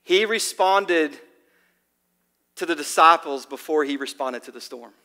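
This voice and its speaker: A pastor delivers a casual, animated sermon with a high, bright voice. He tells the story with loose, chatty fillers, and a long reverb from the church hall trails each phrase. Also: unhurried.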